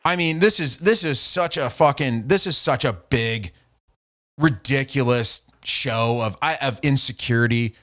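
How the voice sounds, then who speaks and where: A man's voice: mid-range voice, unhurried, a bit bright. Profane mocking male podcast host. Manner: profane, mocking, reading out messages. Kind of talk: casual podcast rant.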